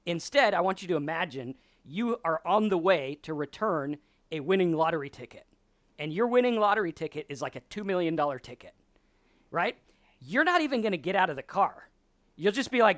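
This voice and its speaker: A man's voice: high voice, big pitch swings, a little fast, a bit bright, no echo. A man hosting a sobriety talk, explaining ideas at a whiteboard in a casual, conversational lecture style and acting out quoted voices. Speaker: podcast host.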